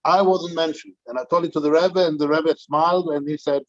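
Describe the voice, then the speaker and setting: A man's voice: fairly high pitch, steady tone, a little fast, dull audio. An older man, a rabbi, telling an anecdotal story to a community gathering, with frequent restarts.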